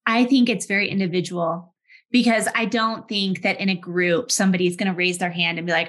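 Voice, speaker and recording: A woman in her thirties, a head of HR, speaking conversationally in a webinar with lively anecdotes and frequent restarts. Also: on the low side, a little fast. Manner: animated, restarts often, vivid everyday anecdotes. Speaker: head of HR, session host.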